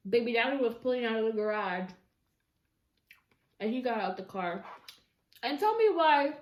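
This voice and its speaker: A woman telling a story casually while eating on camera at home, chatty and expressive, with slangy asides to her viewers. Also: fairly high pitch, moderate pace, dull audio. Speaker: mukbang vlogger. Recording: echoey room.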